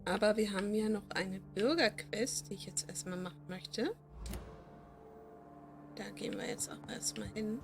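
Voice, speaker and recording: A woman with a German accent giving relaxed, chatty commentary while streaming a game. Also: medium pitch, moderate pace, creaky, pauses often, over music. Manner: relaxed, chatty, thinking aloud. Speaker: let's play streamer.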